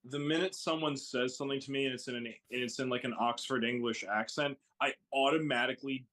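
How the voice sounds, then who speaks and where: A man's voice: medium pitch, fairly even intonation, fast talker, a bit bright. A man chatting on a stream as co-host, eager and piling up "like" as he builds a point. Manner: enthusiastic, repeats "like" while building a point. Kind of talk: casual chat.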